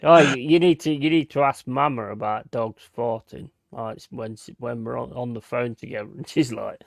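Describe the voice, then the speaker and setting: A man with a gravelly voice chats about football on a livestream, swearing and laughing freely. The sound is dry and close. His tone is relaxed and conversational. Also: medium pitch, moderate pace, dry recording. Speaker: livestream co-host. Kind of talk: casual football chat.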